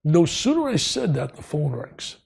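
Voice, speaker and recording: An older man from New Jersey, telling stories as a guest in an interview, excitable and emphatic, repeating lines for punch. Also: on the high side, moderate pace, creaky, slightly rough. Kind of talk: storytelling interview.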